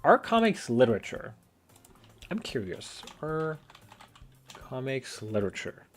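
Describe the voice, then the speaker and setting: A man's voice: medium pitch, very animated, a little slow. Rambling man playing a visual novel. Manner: rambling, stumbles and restarts. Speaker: gamer. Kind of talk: gameplay commentary.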